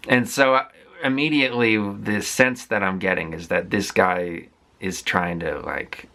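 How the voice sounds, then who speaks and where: A man's voice: deep voice, steady tone, measured pace, vocal fry, sharp tone. A man casually recapping a film he watched, rambling with frequent fillers and restarts in a candid, conversational way. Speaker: movie vlogger.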